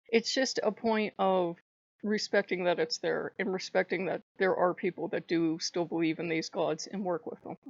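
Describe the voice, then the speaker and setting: Woman vlogger, gravelly fry, heated profane rant, dull lo-fi recording. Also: medium pitch, no room sound. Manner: heated and profane, with sudden loud outbursts. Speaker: channel host. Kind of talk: ranting vlog monologue.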